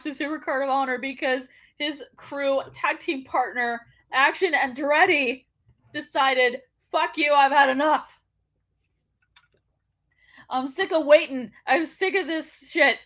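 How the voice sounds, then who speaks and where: A woman's voice: sits high, fairly bright tone. A woman hosting a wrestling show, ranting in casual commentary, swearing freely and laughing often.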